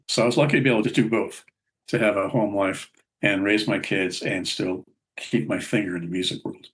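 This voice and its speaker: Husky older man telling stories. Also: on the low side, a bit bright. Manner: rambling, chuckling anecdotes. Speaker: guest musician. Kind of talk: casual interview storytelling.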